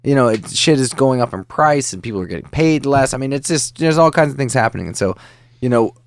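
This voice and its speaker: A man hosting a podcast, asking questions in a relaxed casual chat and searching for his words as he goes. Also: mid-range voice, fast. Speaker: podcast host.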